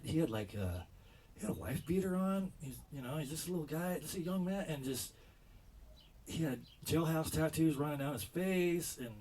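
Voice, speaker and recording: A man's voice: a little high, animated, moderate pace, darkish tone. A man doing stand-up, telling a rambling story full of restarts. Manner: rambling, self-correcting delivery. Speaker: stand-up comedian.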